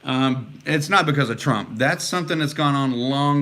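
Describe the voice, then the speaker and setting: A middle-aged man rambles his way through a casual livestream. He answers his viewers' comments earnestly and pads his talk with plenty of ums and uhs. His voice sits at an ordinary middle pitch. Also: normal speed, hardly any pauses, bright, forceful tone. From Texas. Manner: rambling and earnest, with many fillers. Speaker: vlogger answering live comments.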